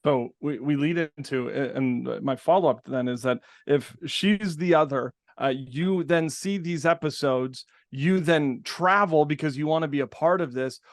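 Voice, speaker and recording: A man's voice: a little high, normal speed, few pauses, no room sound, clean studio sound. A man co-hosting an interview podcast, asking questions in a casual, loose way. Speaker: podcast co-host. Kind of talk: conversational interview.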